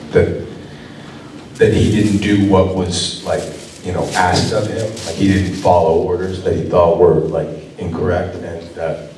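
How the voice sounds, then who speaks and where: Low, dark-voiced man rambling on a panel. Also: slight background noise. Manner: rambling, many fillers and restarts. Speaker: actor panel guest. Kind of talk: casual convention panel talk. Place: convention panel room. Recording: roomy hall sound from far off.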